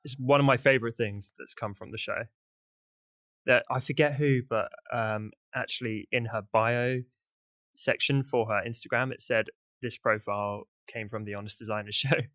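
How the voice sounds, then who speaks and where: A man's voice: mid-range voice, fairly even intonation, moderate pace, a bit bright, dry recording. A British man from the UK hosting a podcast, chatting casually in loose, upbeat run-on sentences. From United Kingdom. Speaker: podcast host.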